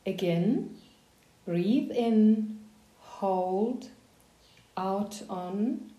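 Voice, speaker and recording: A woman leading a voice warm-up lesson, giving slow, calm, soothing breathing guidance. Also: medium pitch, echoey room. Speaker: voice coach. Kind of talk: guided voice warm-up instruction.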